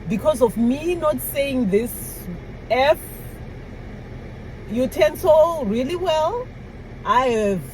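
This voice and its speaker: A woman's voice: sits high, lively intonation, slow, pauses often, darkish tone, a little hiss or hum, rough recording. A woman vlogger telling stories about learning to speak the way people do in her new country, acting out little dialogues and laughing as she goes. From outside the US. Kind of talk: casual storytelling to camera.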